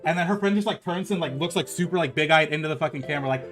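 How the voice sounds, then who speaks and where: A young man tells a story at a fast clip, his voice sitting a bit high for a man. He talks in a loose, rambling way, full of filler words and curses. Soft music plays in the background. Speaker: streamer. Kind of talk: casual storytelling.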